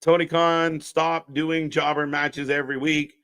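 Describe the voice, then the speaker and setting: A man's voice: fairly high pitch, flat delivery, measured pace, a bit bright, clear, resonant tone. Profane sarcastic man doing live commentary. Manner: blunt, profane and sarcastic, riffing to the chat. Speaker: host of a live wrestling watch-along stream. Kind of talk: unscripted live alternative commentary.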